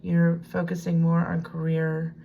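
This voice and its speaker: This tarot reader's lowish, gravelly voice comes through lo-fi audio with slight background noise. Her delivery is completely flat and measured, even as she chats to herself and drifts into whispers. She's doing a casual reading at home in a room with a piano desk.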